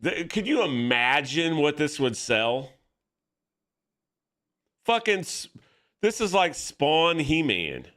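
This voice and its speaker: A man chatting casually while drawing at his art desk, excitable, profane and rambling. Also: fairly high pitch, slow pace, long pauses. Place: home art desk with camera setup.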